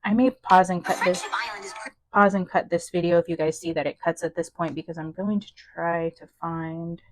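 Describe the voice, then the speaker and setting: A young woman talking casually through a tarot and psychic reading, chatty, excitable and unsure of herself. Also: fairly low pitch, moderate pace, dry recording, rough recording. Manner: chatty, self-doubting, excitable. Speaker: tarot reader and medium. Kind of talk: casual channeled-message reading.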